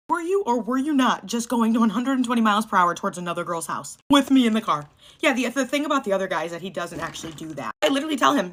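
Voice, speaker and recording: A woman's voice: medium pitch, animated, quick pace, a bit bright. A young woman telling a story in a chatty, casual way, swearing often and filling her talk with "like". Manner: chatty, swears, lots of "like" fillers.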